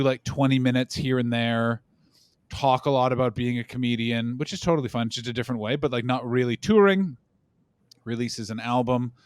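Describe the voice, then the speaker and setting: A man's voice: medium pitch, clean tone, no room sound. Dry-sounding man rambling through comic stories. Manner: animated rambling storytelling with swearing and quoted voices. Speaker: podcast co-host. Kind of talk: casual comedic chat.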